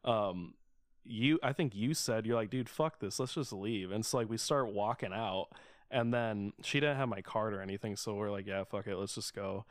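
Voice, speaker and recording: A man's voice: lowish voice, normal speed, no echo. A young man hosting a podcast, telling a story in a laid-back, casual way and swearing freely. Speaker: podcast host. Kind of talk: casual chat.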